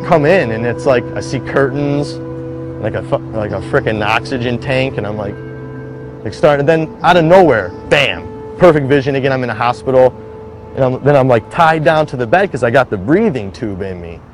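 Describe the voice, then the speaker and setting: A man of middle pitch tells his survival story in a loose, conversational way, peppering it with "like." Background music plays underneath his voice. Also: animated, normal speed. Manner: conversational, heavy use of "like", acts out quoted voices. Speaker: interviewee recounting surviving a shooting. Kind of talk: casual first-person storytelling.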